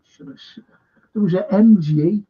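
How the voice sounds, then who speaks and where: Scouse guy hosting his live history stream, gravelly voice, a bit muffled, rambly and flustered. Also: high-pitched, moderate pace. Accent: Liverpool. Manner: chatty, easily flustered, jokey. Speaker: host of a live history show. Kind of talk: casual live-stream chat.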